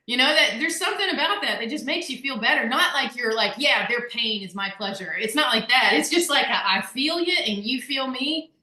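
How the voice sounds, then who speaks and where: A woman with a fairly high, bright voice talks in an animated, rambling way, laughing often as she circles back to her point. The room around her is roomy and echoey. She sounds like a co-host in a casual group discussion. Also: a little fast, hardly any pauses. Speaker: workshop co-host.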